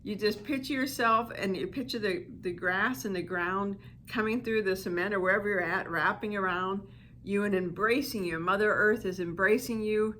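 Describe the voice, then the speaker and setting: A woman's voice: mid-range voice, moderate pace, fairly bright tone, a little hiss or hum. A woman coaching listeners on inner child healing in a reflective, conversational talk full of "you know" asides.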